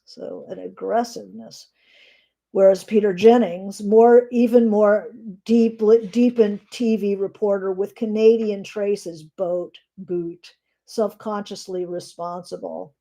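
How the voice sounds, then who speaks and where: A middle-aged woman teaching writing on a live stream, reading descriptive notes aloud with frequent pauses and fillers. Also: medium pitch, creaky, mellow.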